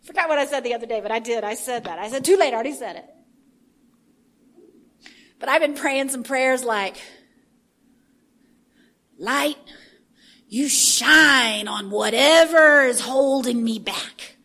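Woman preacher, high voice, animated, hushed then shouting, sermon. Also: unhurried, long pauses.

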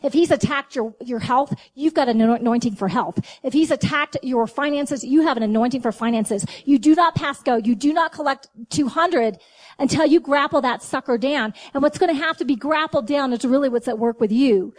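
A woman's voice: high voice, moderate pace. A middle-aged woman preaching a sermon, talking straight to her listeners and acting out little exchanges with God. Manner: animated, talks to the audience, acts out dialogue with God.

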